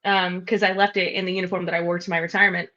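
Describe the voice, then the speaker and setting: A woman's voice: lowish voice, flat delivery, rapid-fire, pushed and bright. A woman guest on a podcast in casual chat, blunt and profane. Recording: dull lo-fi sound.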